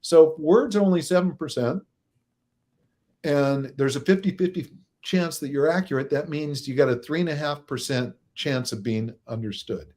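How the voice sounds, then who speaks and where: A man's voice: a little high, moderate pace. Chuckling man explaining at an easy pace. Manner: chuckles often, acts out examples; steady, moderate pace by his own account. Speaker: relationship coach guest. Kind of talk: explanatory interview talk.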